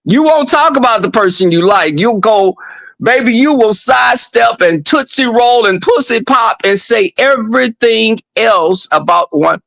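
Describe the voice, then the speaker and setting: A man vlogging a casual story monologue, animated and profane, breaking off now and then to scold his dog. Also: very high-pitched, unhurried, creaky, dry recording, poor audio.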